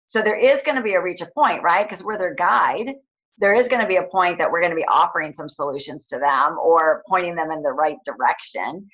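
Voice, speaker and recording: A woman's voice: lowish voice, a little fast, fairly bright tone, dull audio. A woman health coach explaining coaching questions in a casual, rambling way, with many fillers and restarts. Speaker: health coach leading a training call. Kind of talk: casual teaching talk.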